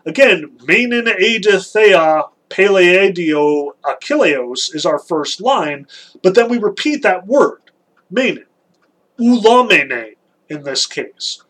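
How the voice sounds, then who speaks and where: A man giving a casual spoken lecture on poetry, animated and stressing key words, with casual fillers. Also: high-pitched, slightly rough, poor audio. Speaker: lecturer on Homer.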